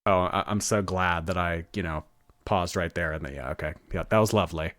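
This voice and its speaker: A man hosting a commentary channel, reacting to clips in an animated, incredulous way and laughing often. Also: low voice, a little fast, no room sound.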